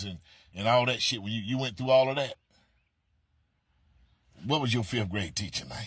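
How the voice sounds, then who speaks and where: A middle-aged man rants in a mocking, profane comedy monologue, repeating himself as he presses his point. His voice is bright and forceful with a husky edge. The sound is dry and close. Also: mid-range voice, dry recording. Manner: brash, mocking, heavy on repetition and cursing. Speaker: comedic storyteller. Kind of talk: profane comedic monologue addressed to an absent person.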